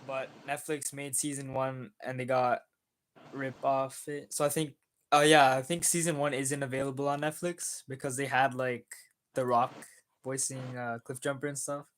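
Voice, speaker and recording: A young man co-hosting a livestream, casually reading out chat comments with many pauses and fillers. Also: mid-range voice, little pitch movement, fairly bright tone, slight background noise, low-quality recording. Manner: easygoing, hesitant, many fillers.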